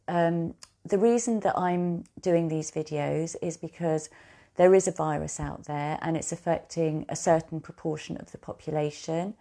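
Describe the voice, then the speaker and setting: A woman coaching a guided tapping session, speaking slow, repetitive affirmations for the listener to repeat back. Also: on the low side, warm tone. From United Kingdom.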